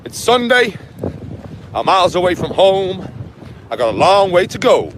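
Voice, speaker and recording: A man's voice: high voice, big pitch swings, moderate pace. A man vlogging on a windy seafront, calling out sing-song chants and silly put-on accents to his viewers. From England. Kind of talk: windy seaside vlog. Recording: loud wind noise on the mic.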